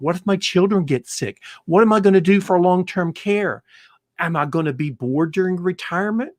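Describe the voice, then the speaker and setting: A man's voice: high-pitched, no room sound, clean studio sound. A man hosting a retirement planning show, talking straight to his viewers and telling a long parable in an earnest, repetitive way. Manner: earnest storytelling, repeats himself when telling a parable. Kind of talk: direct-to-camera talk.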